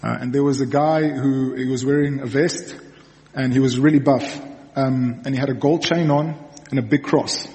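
A man's voice: medium pitch, steady tone, normal speed, a little mellow. Man preaching in a reverberant hall. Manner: conversational storytelling, frequent okays and restarts. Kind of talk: sermon. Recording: long reverb in a large hall.

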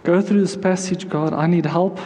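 A male pastor, emotional and near tears, preaching and praying with halting, repeated words. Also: sits high, fairly even intonation, warm tone, long reverb tail. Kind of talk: sermon with prayer and scripture reading. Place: church sanctuary.

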